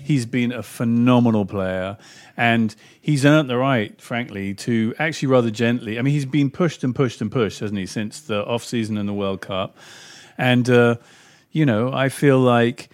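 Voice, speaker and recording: A man's voice: medium pitch, normal speed, dry recording, clean studio sound. A man guesting on a football podcast, giving considered, opinionated views. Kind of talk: casual football chat.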